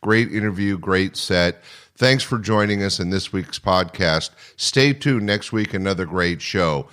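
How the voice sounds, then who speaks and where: A man's voice: low-pitched, a little slow, fairly bright tone, clear, resonant tone. A man, the host, wrapping up a podcast episode and thanking listeners. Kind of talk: podcast outro.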